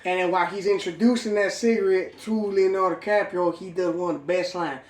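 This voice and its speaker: A man's voice: sits high, fairly even intonation, brisk, reverberant. A man co-hosting a casual movie chat, chiming in and quoting scenes. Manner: chimes in, quotes scenes. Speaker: podcast co-host.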